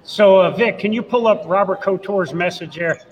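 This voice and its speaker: A man's voice: high voice, moderate pace, slight background noise. A man from Iowa hosting a podcast, chatting in an easygoing, conversational way. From Iowa, USA. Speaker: podcast host. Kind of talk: casual podcast chat. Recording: dull sound with long reverb.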